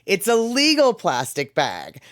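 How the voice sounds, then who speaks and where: A woman livestream host chatting casually at an unhurried pace. She reads viewer comments, laughs often and drifts into rambling asides. Her voice sits close and dry on the mic. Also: mid-range voice, huge pitch swings, no echo. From Pacific Northwest, US.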